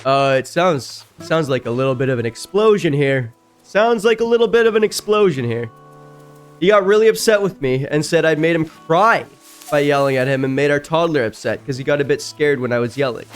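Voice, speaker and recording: A man streaming a game, reading stories aloud and breaking in with loud, jumpy reactions. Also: brisk, clean tone, soft background music. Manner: reacts loudly, jumps high in pitch. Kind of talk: casual reading and commentary while gaming.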